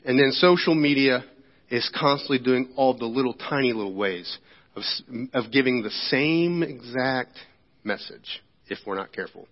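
In an echoey church sanctuary, captured with dull lo-fi sound, a male pastor delivers a sermon in a conversational style, regularly engaging the congregation. His voice is mid-range and his pace moderate.

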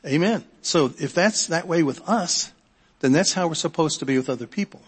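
A man's voice: on the high side, moderate pace, breathy edge. A middle-aged male pastor preaching a sermon in a conversational way, often repeating words and checking in with the congregation. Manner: conversational, repeats words and restarts, asks the audience. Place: church sanctuary. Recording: long hall reverb.

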